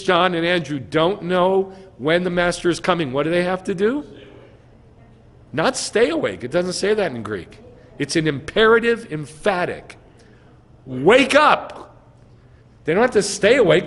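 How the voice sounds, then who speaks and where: A man, a rabbi giving a sermon, who quizzes his congregation and answers his own questions with emphatic stress. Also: on the high side. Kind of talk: sermon teaching. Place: synagogue sanctuary. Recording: long reverb in a hall.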